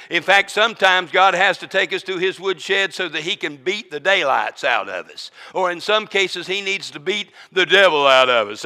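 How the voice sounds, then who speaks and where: A high-voiced man preaches a sermon, his tone bright and sharp. He swings between booming declarations and hushed asides. His voice carries a long church reverb. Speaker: interim pastor.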